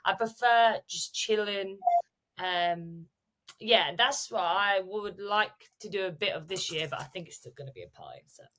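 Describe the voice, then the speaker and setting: A woman's voice: mid-range voice, normal speed, a bit bright. A young woman, co-hosting a podcast in casual chat and acting out the voices in her stories. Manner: chatty storyteller, acts out quotes. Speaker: podcast co-host.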